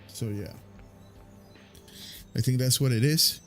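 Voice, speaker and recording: A man's voice: mid-range voice, slow, a bit bright, faint music behind. A man casually commentating his video game playthrough, rambling with many fillers and restarts.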